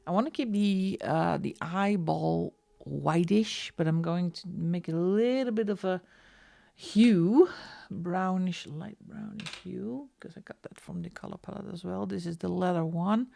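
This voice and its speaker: A woman's voice: on the low side, measured pace, gravelly, dark tone. A Dutch woman with a Dutch accent chatting casually with her viewers while she colours on a live stream, often laughing. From Netherlands. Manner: chatty, laughs often, reads chat aloud.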